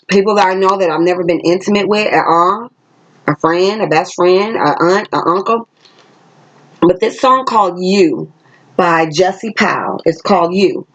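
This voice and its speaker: A woman's voice: lowish voice, normal speed, highs cut off. A woman giving a casual, chatty tarot reading to her viewers, talking emphatically straight to the camera. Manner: chatty and emphatic, sings snippets of songs. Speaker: tarot reader. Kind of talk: casual spiritual reading vlog. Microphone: camera she set up herself.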